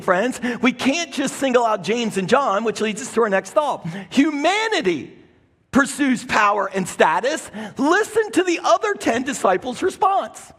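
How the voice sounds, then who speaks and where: High, animated, husky-voiced male pastor. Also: long reverb tail. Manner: animated storytelling, swinging from loud to hushed. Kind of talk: sermon. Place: church sanctuary. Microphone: clip-on microphone.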